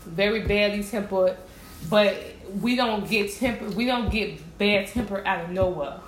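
A woman's voice: medium pitch, a little slow. A woman in casual conversation, talking emphatically and often repeating her words for stress. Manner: animated, emphatic, repeats herself. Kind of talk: casual chat about zodiac signs. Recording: echoey room with clear background noise.

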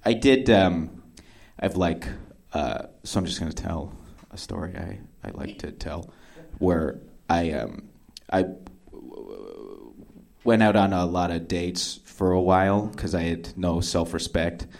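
A young man telling a self-deprecating story on stage. His pitch jumps all over the place as he acts out his own thoughts. He stumbles into restarts and fillers, then barrels on. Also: expressive, measured pace, gravelly, a little mellow. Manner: acts out quotes of himself. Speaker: stand-up comedian. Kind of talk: stand-up storytelling.

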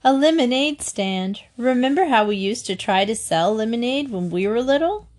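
A woman's voice: fairly high pitch, expressive, normal speed, a little mellow, lightly acted. A woman voicing a haughty, condescending teenage girl in a storybook reading.

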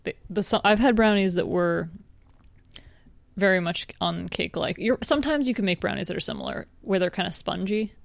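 A woman's voice: medium pitch, a little fast, vocal fry, no room sound. A woman co-hosting a podcast in casual chat, teasing and laughing often. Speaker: podcast co-host.

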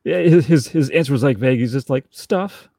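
A man co-hosting a podcast in casual chat, acting out scenes in quick little voices. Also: medium pitch, creaky, mellow, dry recording, studio quality. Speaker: podcast co-host.

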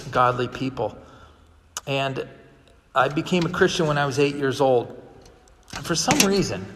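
A man's voice: fairly high pitch, a bit bright, big-room sound, a little hiss or hum. A male pastor delivering a sermon in a conversational storytelling manner, acting out the people he quotes. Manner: conversational storytelling, vividly acts out quoted dialogue.

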